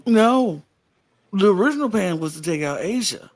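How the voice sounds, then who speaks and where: A man co-hosting a casual podcast recap, his pitch on the high side and swinging widely as he talks. He stops and restarts sentences often, circling back as he works through his point. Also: expressive, moderate pace. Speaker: podcast co-host.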